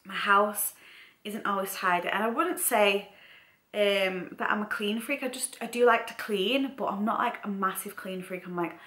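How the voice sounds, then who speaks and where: A young woman talks to camera in a loose, rambling vlog, with lots of fillers and self-corrections. Her voice is bright and forward, and it rings in an echoey room at home. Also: mid-range voice, normal speed. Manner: chatty, rambling with frequent "like" and restarts. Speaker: vlogger. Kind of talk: casual chat to camera.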